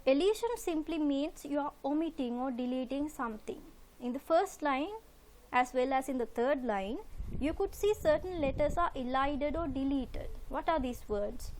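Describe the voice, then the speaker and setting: High-voiced woman teaching literature. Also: moderate pace, a little mellow, slight background noise. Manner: methodical, asks rhetorical questions and repeats key words. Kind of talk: recorded lecture over slides.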